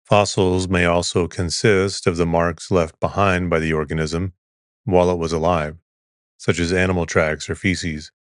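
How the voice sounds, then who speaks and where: Male podcast host, very low voice, dry close sound, soothing bedtime reader. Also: moderate pace, no room sound. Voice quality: soothing, even. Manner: calm monotone reading of an article. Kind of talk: slow soothing sleep-podcast reading.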